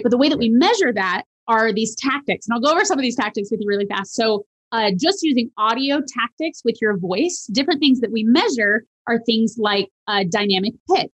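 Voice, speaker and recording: A woman guest on a podcast, talking casually and animatedly about voice and charisma, swooping high at times to demonstrate. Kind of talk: casual interview chat.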